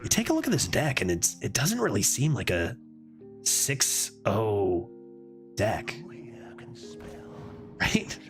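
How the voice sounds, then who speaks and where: A man streaming a card game, thinking aloud in casual commentary and getting excited over close plays. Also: takes it slowly, pauses often, soft background music. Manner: excitable, thinks aloud, sometimes drops to a low put-on voice.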